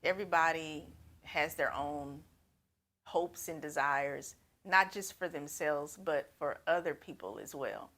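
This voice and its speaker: A woman's voice: low voice, measured pace, a bit bright. A woman life coach giving earnest, encouraging advice straight to her viewers. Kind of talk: advice talk to camera.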